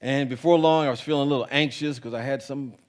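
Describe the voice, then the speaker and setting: A man with a Jamaican accent preaching a sermon in a relaxed, conversational, joking way. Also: medium pitch, quick pace. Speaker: pastor. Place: church sanctuary.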